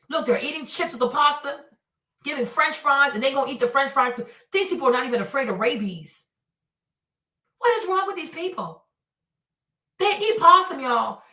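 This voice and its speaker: Loud, ranting high-voiced woman. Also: reverberant, recorded from a distance. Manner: loud, profane, mocking rants. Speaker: streamer host. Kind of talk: reaction stream commentary.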